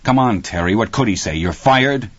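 A man's voice: lowish voice, animated, moderate pace, husky, dry recording, dull audio, voice pushed up. A man voicing an irritable husband who answers his wife with curt sarcasm. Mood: angry. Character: irritable, frightened husband and father.

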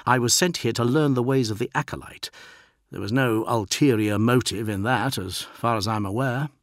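A man voicing an aloof male warrior outsider in an audiobook, dry and measured. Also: medium pitch, no echo, natural voice. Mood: cool. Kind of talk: audiobook character voice.

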